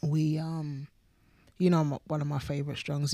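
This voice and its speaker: Low-voiced earnest woman pastor. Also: little pitch movement, normal speed, mellow, no room sound, studio quality. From United Kingdom. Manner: earnest, emphatic, repeats words when building a point. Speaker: podcast co-host, pastor. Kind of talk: casual faith chat.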